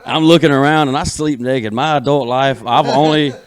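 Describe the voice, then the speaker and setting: A man's voice: mid-range voice, steady tone, normal speed. Alabama comedian guy in his 30s rambling thru a crazy story, lots of cussing. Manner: rambling profane storytelling, gets louder as the tale builds. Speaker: guest comedian. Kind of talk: casual storytelling.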